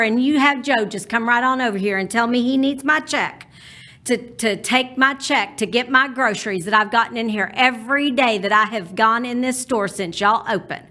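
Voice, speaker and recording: A woman voicing a fiery Texan mother, high, loud and insistent, drawling, in a spoken storytelling piece. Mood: indignant. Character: feisty Texan mother throwing a loud fit.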